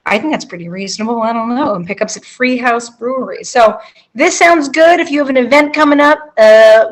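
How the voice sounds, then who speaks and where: A playful woman co-hosting a casual local food news show, with a jokey, easygoing delivery. Her voice is a little high. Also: low-quality recording. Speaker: podcast co-host.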